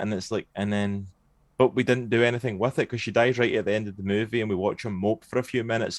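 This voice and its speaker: A man in casual podcast chat, ranting with animated sarcasm about films. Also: on the low side, brisk, dry recording.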